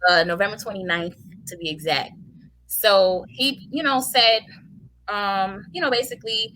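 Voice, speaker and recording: A woman with a bright, clear voice shares her own hard experience as an interview guest. She speaks warmly and casually, with fillers and restarts throughout, and there is a faint hiss behind her. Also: on the low side, normal speed, rough recording. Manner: heartfelt, colloquial, many fillers. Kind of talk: personal testimonial storytelling.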